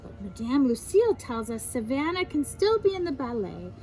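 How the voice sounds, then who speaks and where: A woman reading a children's picture book aloud, her voice swinging widely as she explains each new word. She speaks a little high, and faint music plays underneath her. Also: moderate pace, rough recording. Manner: animated, explains fancy words to children.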